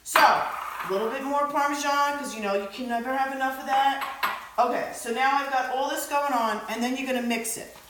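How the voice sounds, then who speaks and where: A chatty, excitable woman walks through a home cooking demo, her voice pitched high. She rambles with plenty of fillers. The kitchen around her rings with echo. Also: moderate pace, slight background noise. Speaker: home cook. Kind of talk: casual cooking demonstration.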